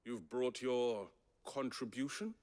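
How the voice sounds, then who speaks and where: A man's voice: mid-range voice, slow pace, a little mellow, natural voice. An actor playing a scheming male crystal merchant with courteous, oily politeness, in a video game cutscene.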